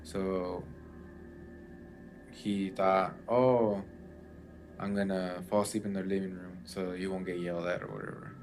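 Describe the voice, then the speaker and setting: A man's voice: low voice, monotone, moderate pace, noisy background. A man in casual chat, telling a story with lots of fillers and restarts. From Mexican family background. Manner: rambling, many fillers.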